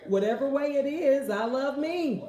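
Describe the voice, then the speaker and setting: A woman's voice: high voice, animated, moderate pace, mellow. A woman hosting a casual question-and-answer talk, with an emphatic, preachy, folksy way of speaking. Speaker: host. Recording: echoey room.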